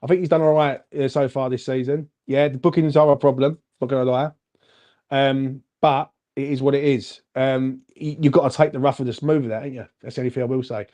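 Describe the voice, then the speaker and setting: A man co-hosting a casual football fan chat, animated and chatty, calling everyone "mate". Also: mid-range voice, a little fast. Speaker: fan channel co-host.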